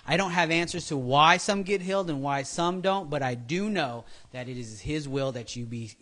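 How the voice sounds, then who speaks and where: Guy preaching casual, slightly high voice, rambles off on tangents and does little voices for folks. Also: normal speed, fairly bright tone. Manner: chatty, goes off on tangents, acts out quotes in voices. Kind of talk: casual sermon.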